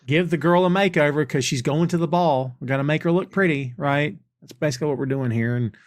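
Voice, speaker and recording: Casual and conversational, a podcast host walks through a TV episode's scenes, repeating the dialogue line by line. He speaks fairly quickly in a voice on the high side, and the studio recording is clean with no room sound.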